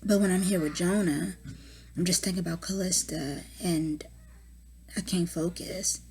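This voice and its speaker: A young woman, a mother recording a personal video diary at home, exhausted and distraught, speaking haltingly and often dropping to a whisper. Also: fairly low pitch, steady tone, warm tone, a little hiss or hum. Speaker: mother giving a family update.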